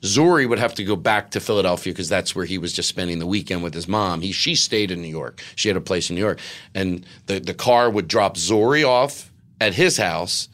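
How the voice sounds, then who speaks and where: A man's voice: deep voice, fairly quick, fairly bright tone. A middle-aged man, a comedian, telling a rambling personal story with lots of quoted dialogue. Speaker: guest comedian. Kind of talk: casual storytelling.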